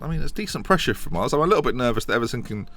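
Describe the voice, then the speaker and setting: A young man with a hoarse voice from a chest infection, rambling and correcting himself as he streams a football management game and answers chat questions. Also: medium pitch, sing-song, very fast, bright, forceful tone, faint music behind. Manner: chatty, rambling, restarts and self-corrections. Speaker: gaming streamer. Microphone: desk microphone.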